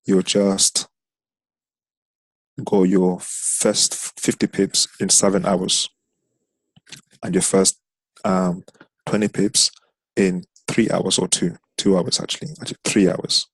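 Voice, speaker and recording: A man's voice: deep voice, level tone, takes it slowly, long pauses, breathy edge, no echo. A man teaching a trading strategy over a screen share, explaining step by step and counting chart candles aloud. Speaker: trading instructor.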